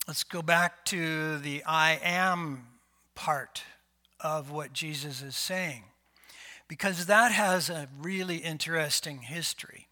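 Guy preaching a sermon, slow and easygoing, bright voice, lots of uhs and questions to the room. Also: a little high. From Canada. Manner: slow, conversational preaching with fillers and rhetorical questions. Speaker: pastor.

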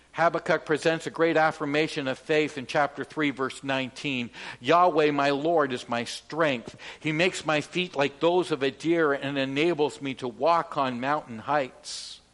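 Slow, high-voiced man preaching. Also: fairly bright tone. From Canada. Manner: slow, emphatic preaching with call-and-response. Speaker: pastor. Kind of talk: sermon.

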